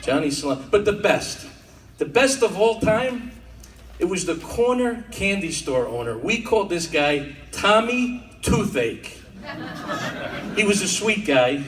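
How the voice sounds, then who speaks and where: A man with a high, sing-song voice does stand-up at a comedy club, a wisecracking storyteller slipping into mock-tough Italian-American bits. He speaks at a measured pace with a slightly bright tone, and there's a faint hiss or hum. The roomy club audio is captured from a distance, with audience laughter and club ambience behind him.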